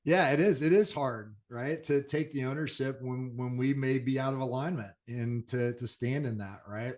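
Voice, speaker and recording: A man's voice: medium pitch, normal speed, darkish tone. A man hosting a discussion panel, affirming and reflecting back what guests say. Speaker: host.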